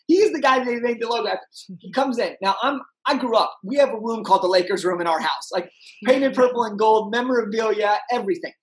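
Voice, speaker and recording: Energetic young man telling a story. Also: high voice, fast, rough recording. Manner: animated, acts out voices in his anecdotes. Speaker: guest. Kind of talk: energetic storytelling in a podcast interview.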